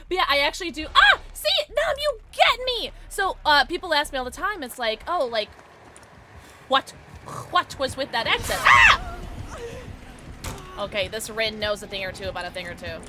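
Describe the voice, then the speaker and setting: A woman livestreaming while gaming, chatting excitedly with her viewers in a loose, filler-heavy way. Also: on the high side, brisk, heavy background noise. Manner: excitable, chatty, talks to chat, many fillers like "like". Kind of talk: casual gaming livestream chat. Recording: game music audible behind voice.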